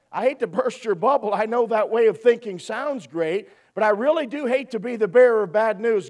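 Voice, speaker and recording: A man's voice: extremely high pitch, distant mic. A man preaching a sermon from the pulpit, emphatic, repeating key phrases and asking "amen?" often. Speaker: pastor. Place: church.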